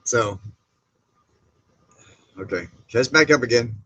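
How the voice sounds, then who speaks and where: Slow and sharp-toned, his mid-range voice comes through a dry, low-quality recording as he hosts a casual livestream. He calls out viewers by name and reads their comments aloud, meandering with frequent fillers and restarts.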